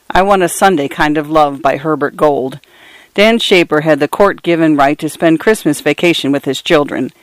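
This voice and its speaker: A woman hosting a radio reading service, narrating literary short stories in a measured, scripted way on a close studio mic. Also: low-pitched, no room sound. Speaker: radio reader and host.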